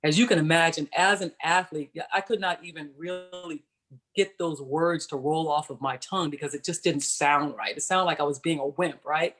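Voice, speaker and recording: A woman's voice: deep voice, fairly even intonation, moderate pace, a bit bright. A woman in her forties, a former pro athlete, telling her personal story on a virtual panel over a video call, conversational and explaining as she goes. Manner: conversational, explains and checks in with "right?". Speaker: panelist, former professional basketball player.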